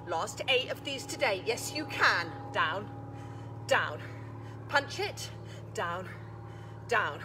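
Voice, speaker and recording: A woman's voice: mid-range voice, very animated, slow pace, pauses often, over music. A woman leading a live workout class, counting reps, cueing moves and encouraging everyone while a bit out of breath. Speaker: fitness instructor. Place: outdoors.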